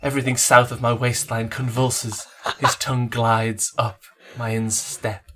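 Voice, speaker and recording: A man's voice: medium pitch, flat delivery, a little slow, background noise, natural voice. A man reading aloud as a woman narrating a steamy romance scene, in a hammed-up voice. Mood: breathy reading. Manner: theatrical romance reading in a mock northern voice. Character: adult woman narrator-heroine, breathless.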